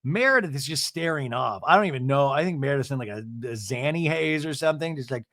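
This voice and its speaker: Male podcast host, animated and snarky, bright voice, dry mic. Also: fairly high pitch, fast, hardly any pauses, dry recording. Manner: animated, sarcastic, swearing. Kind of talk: comedic recap of a reality show.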